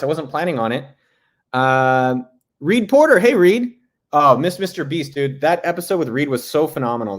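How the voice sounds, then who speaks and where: A man hosts a live stream from his house, loose and jokey as he greets viewers by name. His voice sits a bit higher than most men's. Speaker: host. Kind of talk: casual livestream chat. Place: home.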